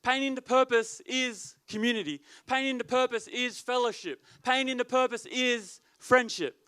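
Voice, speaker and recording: A man's voice: extremely high pitch, normal speed, bright, forceful tone, clear, resonant tone. A man preaching as youth leader, with emphatic, repetitive delivery. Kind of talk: sermon.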